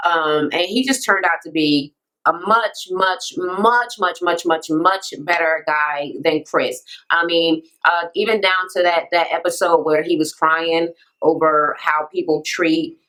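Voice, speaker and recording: A woman vlogger giving a blunt, profane, animated rant while recapping a reality TV episode and acting out what the people said. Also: on the low side, measured pace, low-quality recording. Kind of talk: casual ranting recap.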